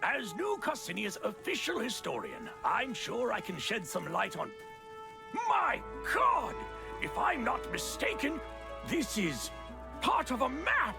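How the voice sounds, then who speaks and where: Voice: mid-range voice, wildly swooping pitch, unhurried, creaky, exaggerated voice. A man voicing a pompous crab historian in a game, talking in grand exclamations. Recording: game audio with music behind.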